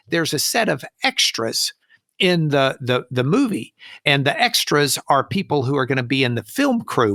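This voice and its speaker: A man, a guest attorney, telling anecdotes in a folksy, animated way and acting out the people he quotes. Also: mid-range voice, creaky, no room sound, clean studio sound. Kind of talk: anecdotal storytelling.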